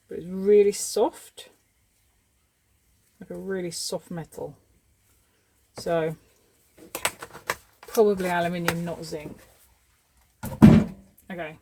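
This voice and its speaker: A woman's voice: fairly low pitch, warm tone. A woman in her thirties chatting casually as she sorts through scrap, thinking aloud. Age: 30s. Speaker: scrapping vlogger. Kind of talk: casual commentary while sorting scrap.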